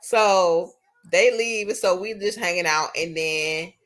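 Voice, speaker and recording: A young woman, telling a casual storytime story in an animated, profane, chatty way. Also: fairly low pitch, slow.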